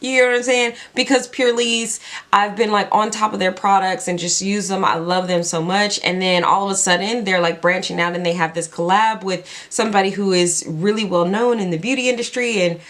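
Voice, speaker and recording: A woman beauty vlogger chatting casually while doing her makeup, telling stories in an excitable, chatty way with lots of "like". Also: medium pitch, fairly quick. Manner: excitable, chatty storytelling full of "like".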